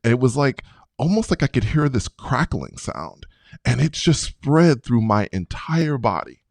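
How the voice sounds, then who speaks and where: Gravelly, lively-voiced man in his fifties. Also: mid-range voice, unhurried, dry recording, clean studio sound. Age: 50s. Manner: acts out his own past reactions with dramatic swings. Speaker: podcast guest. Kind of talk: animated storytelling.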